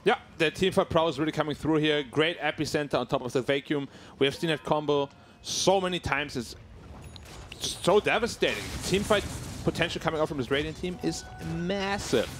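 A man giving color commentary and analysis on an esports match in a quick, conversational way. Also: on the high side, fairly bright tone, soft background music.

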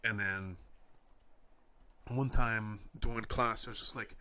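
A young man from Canada hosting a podcast, telling wry, rambling anecdotes in a deadpan way. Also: on the low side, slow pace, pauses often. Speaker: podcast host. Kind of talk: casual storytelling.

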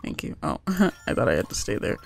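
A woman's voice: very deep voice, wildly swooping pitch, brisk, gravelly, faint music behind. A young woman hosting a gaming video, chatting casually and reading the game's text aloud, with many "like" fillers. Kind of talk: casual let's-play commentary.

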